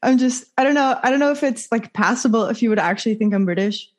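A woman's voice: a little high, fast. A young woman hosting a podcast, chatting casually with her guest over a call and laughing often. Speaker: podcast host. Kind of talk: casual interview chat.

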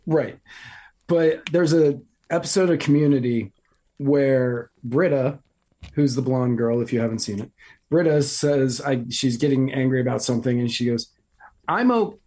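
A man co-hosting a podcast, explaining things in a measured way with wry asides in casual chat. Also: medium pitch, steady tone, mellow. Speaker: podcast co-host. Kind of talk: casual political comedy chat.

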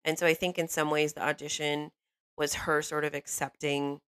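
A woman's voice: low-pitched, little pitch movement, normal speed, a bit bright, clean tone, no echo. A woman on a film podcast panel, talking through her ideas thoughtfully and often checking that the others follow. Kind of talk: casual film discussion.

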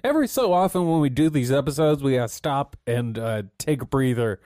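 A man's voice: medium pitch, expressive, fairly quick, warm tone, dry recording, studio quality. A man co-hosting a casual podcast, cracking crude jokes and laughing often. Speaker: podcast co-host. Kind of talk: casual chat.

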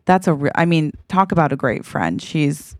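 A woman's voice: low voice, expressive, normal speed, no room sound, clean studio sound. A woman co-hosting a podcast, chatting animatedly and laughing often as she tells a story. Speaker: podcast co-host. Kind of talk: casual chat.

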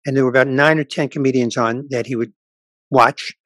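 A man's voice: mid-range voice, brisk, no echo. A man in his sixties, a stand-up comedian, telling stories in a casual podcast chat and acting out the dialogue. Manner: animated storyteller acting out dialogue.

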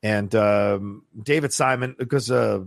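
A man co-hosting a podcast in casual chat, animated and swearing casually. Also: lowish voice, a little slow, gravelly, no room sound, clean studio sound. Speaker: podcast co-host.

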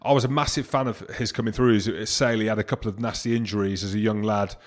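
A man's voice: on the low side, fairly even intonation, quick pace. Jokey man co-hosting a podcast. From England. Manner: jokey, self-mocking banter. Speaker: podcast co-host. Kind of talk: casual podcast chat.

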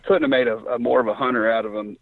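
A middle-aged man from Indiana tells a hunting story in animated, rambling talk, his voice leaping high whenever he quotes someone. His tone is a little husky. He comes through dry and tinny, as if on a phone line. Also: rapid-fire, no echo. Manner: animated storyteller, voice jumps high when quoting others. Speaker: guest hunter. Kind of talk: casual storytelling.

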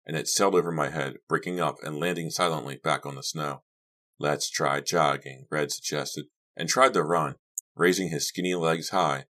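Scripted throughout, this audiobook narration comes from a man whose voice is very deep and low. His pacing stays steady and measured.

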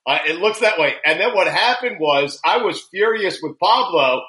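A man hosting a casual comedy podcast, telling stories in an animated way, laughing often and swearing freely. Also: high-pitched, normal speed, poor audio. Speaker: podcast host.

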